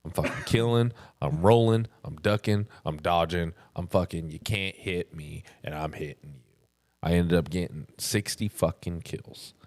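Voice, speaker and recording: A man's voice: low-pitched, moderate pace, darkish tone. A man co-hosting a casual podcast chat, telling stories full of swearing and laughter. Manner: profane, laughing storyteller. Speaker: podcast co-host.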